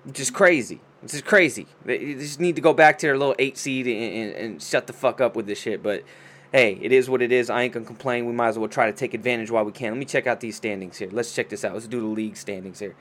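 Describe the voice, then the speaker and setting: A man hosting a casual sports show, talking fast and loose with lots of swearing and trash talk. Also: mid-range voice. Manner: profane, excitable trash talk.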